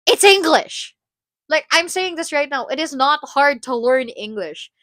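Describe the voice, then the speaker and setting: A young woman from the Philippines with a Filipino accent, ranting in casual chat on a livestream, animated and opinionated. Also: sits high, measured pace, no room sound, clean studio sound. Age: young adult. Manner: animated, opinionated rant, code-switching.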